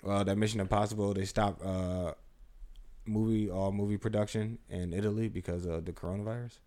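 A man co-hosting a casual podcast chat, animated and swearing, laughing often. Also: on the low side, fairly quick. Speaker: podcast co-host.

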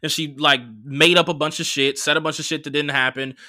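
Bright, punchy man telling a story. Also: on the high side, fairly quick, no room sound, clean studio sound. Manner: animated retelling with profanity and quoted dialogue. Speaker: podcast host. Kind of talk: casual storytelling monologue.

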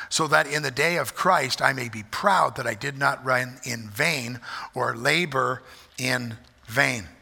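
Male pastor preaching in a big echoey church, gravelly voice, repeats his points and asks the crowd questions. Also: medium pitch, pushed and bright. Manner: emphatic, repeats key phrases, asks the congregation questions. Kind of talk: sermon. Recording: echoey hall with long reverb.

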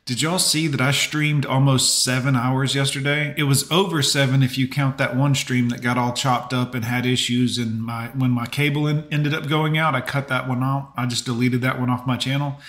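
A man's voice: mid-range voice, fairly bright tone. A man in casual podcast chat, chatty and prone to trailing asides. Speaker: podcast co-host and streamer. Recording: roomy echo.

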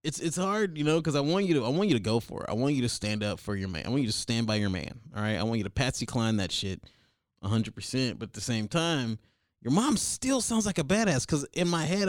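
A man's voice: mid-range voice, no echo, clean studio sound. A young man hosting a comedic advice show, rambling crude and over-the-top.

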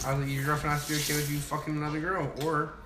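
A man's voice: a little high, very fast, far from the mic, background noise. A young man jokingly telling a story about a coworker during a poker game. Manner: joking, laughing storyteller, loud when excited. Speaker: podcast co-host. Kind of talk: casual group chat over poker. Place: room with friends at a poker table. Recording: echoey room with loud music.

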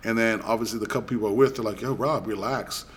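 Middle-aged guy rattling off a rowdy story on a podcast, quick talker, faint hiss behind. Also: fairly low pitch. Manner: animated, profane, acts out both sides of a quarrel. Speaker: podcast host. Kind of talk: casual storytelling chat.

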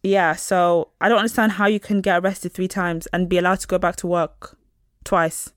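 A woman's voice: fairly low pitch, little pitch movement, normal speed, dry recording, clean studio sound. A young woman, co-hosting a casual chat podcast, laughing often and reading news aloud. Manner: chatty, laughs a lot, reads news aloud. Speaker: podcast co-host.

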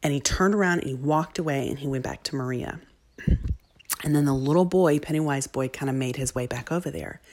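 A woman with a low voice tells a story as a mother, in a relaxed, chatty way. She turns animated at times, then drops to soft near-whispers. Her talk stays warm and personal. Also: brisk. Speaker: mother telling a parenting story. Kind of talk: casual storytelling monologue.

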